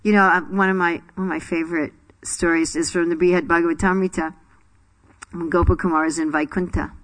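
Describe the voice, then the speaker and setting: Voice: mid-range voice, level tone, fairly quick, fairly bright tone. A spiritual teacher in a scripture class, telling stories in a chatty way, laughing often and quizzing the audience.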